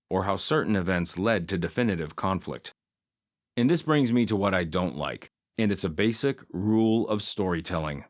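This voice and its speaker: Low-voiced man giving a dry, sardonic review. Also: dry recording. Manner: dry, sardonic humor with deadpan asides. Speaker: film reviewer. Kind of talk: scripted monologue film review.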